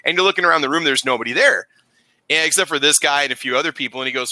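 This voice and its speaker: A man's voice: a little high, rapid-fire, pushed and bright, no room sound. A man on a remote call in a casual podcast chat, retelling a news story and acting out the quotes. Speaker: co-host.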